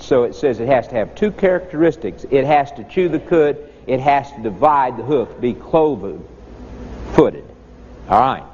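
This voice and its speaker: Animated folksy preacher in a hall. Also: male voice, mid-range voice, moderate pace. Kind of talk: sermon. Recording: dull echoey hall recording.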